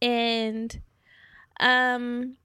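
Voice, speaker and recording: A young woman, co-hosting a casual podcast and telling a dating story with lively swearing. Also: on the high side, very slow, clear, resonant tone, no room sound, studio quality. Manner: animated storytelling, swears freely. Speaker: podcast co-host.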